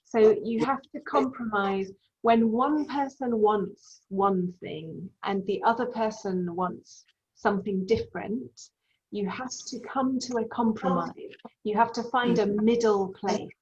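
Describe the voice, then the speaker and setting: Slow, patient woman teaching English. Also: medium pitch, darkish tone, a little hiss or hum. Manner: patient, explains words slowly with examples. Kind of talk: online English lesson. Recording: dull lo-fi sound.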